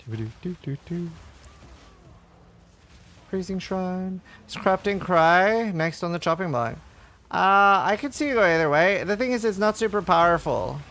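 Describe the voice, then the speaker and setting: A man streams a game live, chatting casually, reading viewer questions aloud and answering them in a rambling way full of fillers. His voice is high and sharp in tone, animated, at a normal speed.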